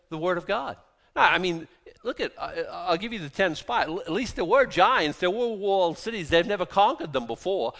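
A man preaching a sermon as pastor, animated and emphatic, repeating key phrases for weight. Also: on the high side, fairly quick.

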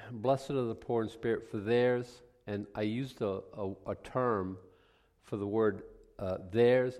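A man's voice: lowish voice, a little mellow, in a large hall. A man preaching a folksy, conversational Bible lesson, rambling with frequent restarts and homely asides. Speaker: pastor.

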